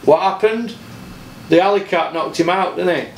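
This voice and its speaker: A high-voiced South Yorkshire man rants about boxing on his own channel, blunt and full of swearing, hammering points home by repeating them. He sounds like he is in an echoey room with a faint hiss of noise behind him. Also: moderate pace. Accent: South Yorkshire English. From Doncaster, South Yorkshire, England. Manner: blunt, heavy swearing, repeats himself for emphasis. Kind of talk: solo boxing opinion rant.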